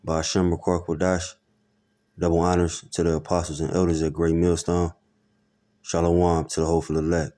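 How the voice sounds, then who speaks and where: A man hosting a religious video, giving scripture-based commentary with a casual, halting delivery. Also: low-pitched, warm tone.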